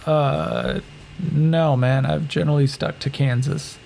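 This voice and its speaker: A man's voice: on the high side, steady tone, takes it slowly, gravelly, a little mellow, a little hiss or hum, low-quality recording. A man voicing a blunt, crude young human man from Kansas who talks hesitantly and curses. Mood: wry.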